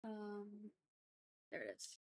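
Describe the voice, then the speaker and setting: A woman's voice: medium pitch, takes it slowly. Woman streamer chatting while she paints. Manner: rambling, relaxed, lots of "like".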